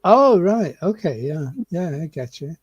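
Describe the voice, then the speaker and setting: A man's voice: a little high, animated, a little slow, husky, dry recording, muffled recording. Man with hiccups on a call. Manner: friendly, easygoing, signs off warmly. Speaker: guest on a livestream. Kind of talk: casual livestream chat.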